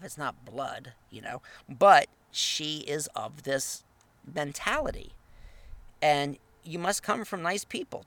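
A man's voice: gravelly, sharp tone. A man teaching literature, talking through a short story in a loose, conversational way and reading quoted lines aloud. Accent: Northern US. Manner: conversational, tag questions, reads quotes aloud with lifted pitch.

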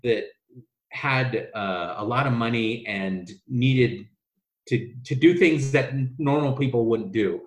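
A man's voice: medium pitch, takes it slowly. Rambling storyteller man, echoey room. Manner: rambling, many restarts and "like" fillers; acts out quoted voices in his stories. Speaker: travel business owner telling his story. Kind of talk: casual interview storytelling.

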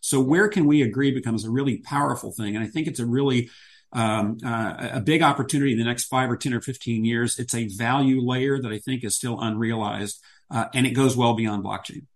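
A man's voice: mid-range voice, fairly quick. A man who is a podcast guest, explaining ideas at length and returning to his key phrases. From United States. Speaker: guest, business strategist. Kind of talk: podcast interview.

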